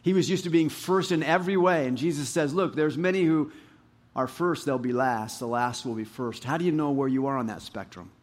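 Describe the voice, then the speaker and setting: Animated pastor preaching. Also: male voice, a little fast. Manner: animated, rising to emphatic highs and dropping low. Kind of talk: sermon.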